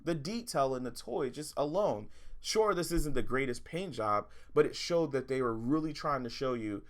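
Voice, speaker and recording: A man's voice: medium pitch, lively intonation, normal speed. A man hosting a toy review vlog, ranting in frustration and swearing often. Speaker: toy reviewer, channel host.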